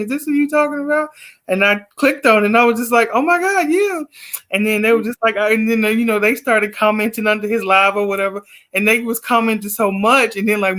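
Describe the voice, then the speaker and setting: A man's voice: high voice, pushed and bright. A man guest on a video call telling a long story casually, rambling with fillers and acting out quoted exchanges. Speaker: guest poet.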